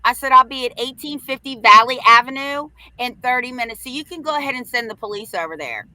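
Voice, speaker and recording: A middle-aged woman hosting a livestream, telling a story in a brash, profane, animated way. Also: sits high, quick pace, poor audio. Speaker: host.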